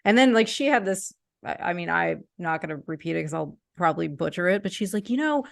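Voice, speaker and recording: A woman's voice: lowish voice, fast talker, vocal fry, no echo, studio quality. A woman in her thirties chatting casually as a podcast co-host, rambling with lots of filler words. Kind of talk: casual conversational chat.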